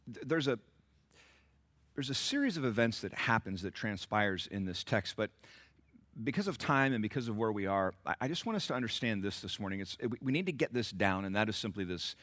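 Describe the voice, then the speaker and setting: Man, middle-aged, pastor, sermon, lively swooping pitch, dramatic shifts from hushed to loud. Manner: dramatic preaching, swings from low and intimate to loud exclamations; acts out the voices of the people in the text.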